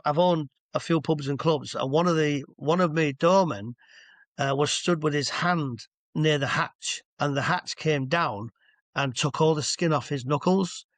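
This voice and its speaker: A man in his sixties chats his way through long anecdotes as a guest hypnotherapist. His voice sits a little high for a man, and it is recorded dry and close, over a video call from home. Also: normal speed, dry recording. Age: 60s. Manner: chatty, rambling, stops to explain asides. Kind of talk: casual anecdotal storytelling. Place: at home with a dog nearby.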